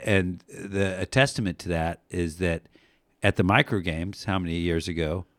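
A man co-hosting a casual sports podcast, telling rambling, profane stories that get animated. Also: low-pitched, moderate pace, no echo, clean studio sound. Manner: rambling storyteller, swears, animated when recounting yelling. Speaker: podcast co-host.

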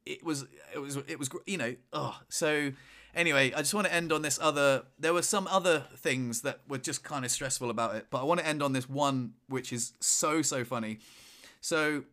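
A young man chatting on a podcast, telling a funny story with lively, dramatic retellings. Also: medium pitch, moderate pace. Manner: animated storyteller, shouts in retold moments. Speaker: podcast co-host. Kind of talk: casual chat, storytelling.

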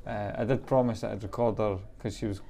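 Gravelly-voiced man hosting a chat. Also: fairly low pitch, fast talker. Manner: relaxed, lots of agreeing. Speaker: podcast host. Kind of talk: casual film chat.

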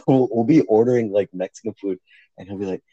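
A man's voice: on the low side, brisk, mellow, no echo, dull audio. A young man co-hosting a casual podcast, joking and swearing, laughing often, talking on a phone. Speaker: podcast co-host. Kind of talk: casual chat.

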